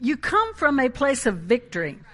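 A woman preaching a sermon in an animated, emphatic way, with asides and laughs. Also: sits high, normal speed.

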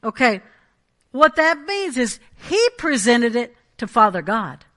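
A woman's voice: a little high, sing-song, unhurried, a bit bright. A woman preaching a Pentecostal sermon, emphatic and conversational, often checking in with the congregation.

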